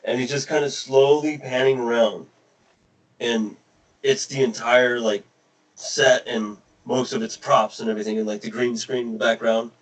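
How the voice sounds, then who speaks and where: Podcast co-host, male, middle pitch, rambling casual storyteller, echoey room. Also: fairly even intonation, normal speed. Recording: roomy echo.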